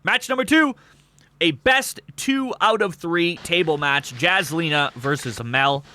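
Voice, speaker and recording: Bright-voiced man chatting on a stream. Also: fairly high pitch, a little slow. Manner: rambling, self-described monotone, answers chat. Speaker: streamer hosting an e-fed wrestling show. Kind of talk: casual live-stream chat.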